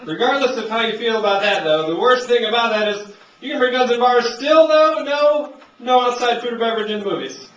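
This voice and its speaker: A man's voice: very high-pitched, fairly quick, background noise. A young man doing a stand-up comedy set, rambling in a laid-back way and acting out characters in raised voices. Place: comedy club stage. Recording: distant, roomy, muffled amateur club recording. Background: audience laughter.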